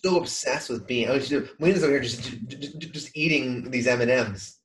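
A man co-hosting a laid-back podcast over a video call. He talks in an animated way and keeps breaking into little voices to quote what he heard. His voice sits at a middle pitch. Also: brisk, low-quality recording. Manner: animated, acts out quoted lines. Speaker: podcast co-host. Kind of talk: casual chat.

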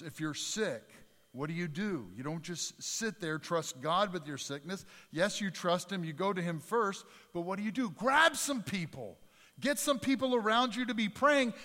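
A man's voice: medium pitch, a bit bright. Preaching man in a reverberant hall. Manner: conversational preaching with repetitions, rising to emphatic peaks. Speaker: pastor. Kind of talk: sermon. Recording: church hall with long reverb.

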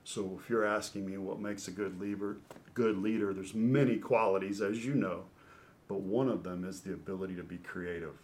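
A middle-aged man, a former ballplayer and podcast guest, telling an animated story. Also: deep voice, normal speed. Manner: animated storyteller who acts out scenes. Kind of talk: storytelling interview.

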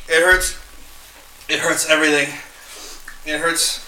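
A man's voice: on the high side, level tone, slow, noisy background. A man chatting casually on a video, groaning, laughing and swearing as he talks. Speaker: vlogger eating spicy ramen. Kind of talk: casual chat. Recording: roomy sound, distant from mic.

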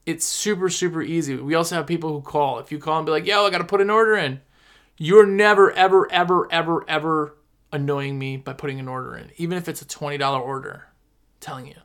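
A man, chatting casually to viewers as a sales rep and pushing his own pitch. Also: quick pace. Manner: chatty, pushy, repeats himself for emphasis. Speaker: window cleaning product sales rep.

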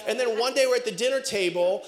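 A middle-aged man preaching a sermon as pastor, telling family stories in an animated way with bursts of shouting. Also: very high-pitched, fast talker. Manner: animated storytelling, breaks into shouts and laughter. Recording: echoey room.

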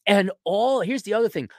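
A man hosting a podcast, delivering a blunt, mocking solo rant and often clearing his throat. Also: high-pitched, normal speed, no echo, studio quality. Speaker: podcast host. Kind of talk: ranting solo commentary.

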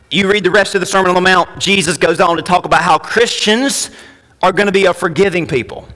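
Male pastor, high voice, emphatic sermon delivery, long church-hall reverb. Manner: emphatic, swings between quiet asides and loud declarations. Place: church sanctuary.

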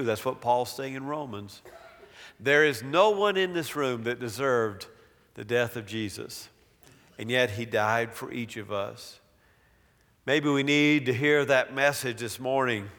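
A man delivers a sermon at an unhurried, measured pace. He holds long dramatic pauses and lets his phrases fall away softly at the end. His voice carries a long reverb from the church sanctuary. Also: medium pitch, clean tone. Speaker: pastor.

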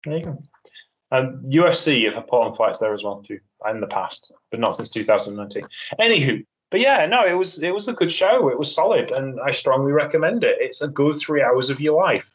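A man's voice: medium pitch, animated, brisk. A man hosts a casual podcast, chatting loosely with wry, rambling asides. His voice sits in an ordinary middle range. The recording is dull and lo-fi. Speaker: podcast host. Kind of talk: casual chat.

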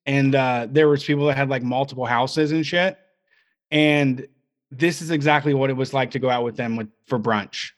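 A man co-hosting a casual livestream talk show, sardonic and animated. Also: mid-range voice, normal speed. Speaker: podcast co-host.

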